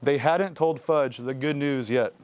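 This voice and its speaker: Man reading a kids' novel aloud, expressive, smooth resonant voice. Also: medium pitch, a little slow, no echo. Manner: expressive storytelling. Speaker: guest reader.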